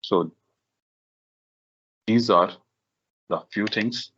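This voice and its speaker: A man with a low voice and a bright, forceful tone walks a class through software step by step. He talks in halting bursts, full of fillers and restarts, and says "okay" over and over. The recording is dull and lo-fi. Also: slightly rough. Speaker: workshop instructor. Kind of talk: live software tutorial.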